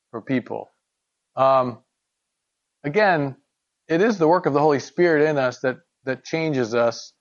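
Bible study leader, male, higher-pitched, relaxed, halting delivery, lo-fi audio. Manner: conversational, thoughtful, many fillers and restarts. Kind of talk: casual Bible study discussion.

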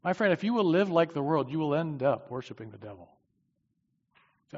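A man preaching a sermon with emphasis, swinging from loud declarations to quiet asides. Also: fairly high pitch, very animated, a little fast. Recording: dull, long-reverb hall sound.

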